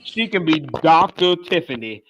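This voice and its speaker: A man's voice: on the high side, animated, unhurried, over music. A man co-hosting a podcast, going off on a comedic, profane, exasperated rant in casual talk. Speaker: podcast co-host.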